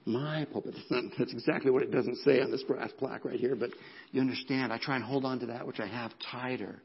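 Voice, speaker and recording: Man, pastor mid-sermon; gravelly voice, dull lo-fi church recording. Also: mid-range voice, quick pace. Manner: animated, repeats words, drops to a whisper for emphasis.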